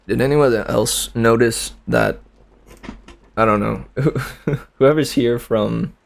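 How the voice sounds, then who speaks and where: Man, casual live-stream chat, gravelly voice, unhurried, frequent chuckles. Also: medium pitch, a little mellow. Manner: chuckles often, muses aloud. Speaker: audiobook reader and streamer.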